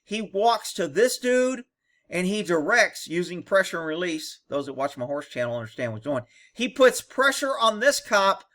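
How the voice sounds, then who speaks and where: A man with a fairly high voice gives blunt video commentary. He is sarcastic and swears freely, and he talks with a confident, no-nonsense edge. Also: very animated, normal speed, pushed and bright.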